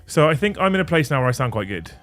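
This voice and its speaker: A man's voice: on the high side, very animated, rapid-fire, a bit bright, faint music behind. A man hosting a livestream, chatting casually and swearing freely as he fixes his audio settings. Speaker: livestream host. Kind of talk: casual stream chat. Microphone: studio mic on a desk mixer.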